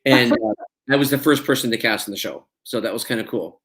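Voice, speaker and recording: A male actor being interviewed, telling stories in a relaxed way, acting out quoted dialogue with plenty of fillers. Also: mid-range voice, fast. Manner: anecdotal, acts out quoted dialogue, many fillers. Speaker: actor guest. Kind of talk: casual interview storytelling.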